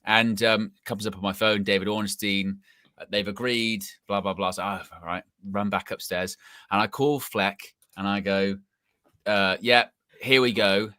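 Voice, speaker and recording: A man's voice: lowish voice, flat delivery, measured pace, pushed and bright, dry recording, clean studio sound. A young man co-hosting a casual football chat, telling stories with lots of restarts. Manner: chatty storyteller, repeats and restarts. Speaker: co-host.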